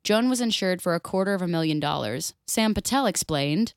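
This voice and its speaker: Low-ish woman voice, sweary and blunt, dry close sound, podcast chat. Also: lively intonation, a little fast, no echo. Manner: blunt, sweary, laughs often. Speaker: podcast co-host. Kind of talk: casual chat, reading a story aloud.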